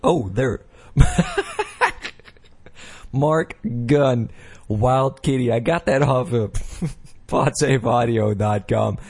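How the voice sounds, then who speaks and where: A man's voice: medium pitch, slow pace, darkish tone, breathy edge. Rambling man hosting his podcast. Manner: rambling, self-correcting, many fillers. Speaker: podcast host. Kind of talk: casual solo podcast talk.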